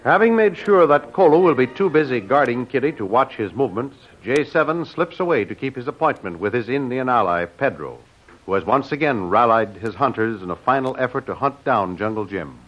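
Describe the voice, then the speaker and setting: A male announcer narrates an old radio adventure serial in a measured, steady delivery. His voice sits at a middling pitch, and the sound is dull and muffled, like a vintage broadcast. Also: faint music behind.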